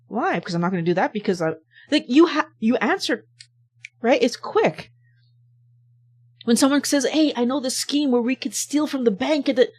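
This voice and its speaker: A woman who hosts a health channel gives a motivational talk to camera in a medium-pitched, husky voice. She presses her point emphatically with repeated rhetorical questions.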